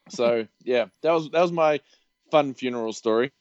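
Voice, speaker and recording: A man's voice: medium pitch, normal speed, dry recording, muffled recording. A man, telling stories in a casual chat and laughing often. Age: 30s. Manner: animated, laughing, acts out voices in his stories. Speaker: podcast guest.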